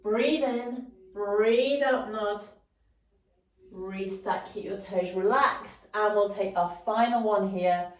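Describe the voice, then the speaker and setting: Woman fitness instructor, slow, encouraging cues, recorded off-mic in a reverberant room. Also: medium pitch. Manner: encouraging, cueing breath and movement, occasional laughs. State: slightly out of breath at times. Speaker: Pilates instructor. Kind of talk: guided workout instruction. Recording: roomy echo, mic at a distance.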